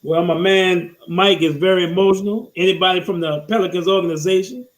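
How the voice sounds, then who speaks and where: High-voiced laid-back sports podcast host. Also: male voice, fairly even intonation, brisk, echoey room. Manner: laid-back, soothing, many fillers. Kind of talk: casual sports talk.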